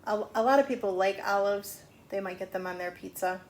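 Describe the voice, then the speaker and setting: A woman's voice: medium pitch, a little fast. A middle-aged woman teaching a phonics lesson to young children, patiently sounding out words.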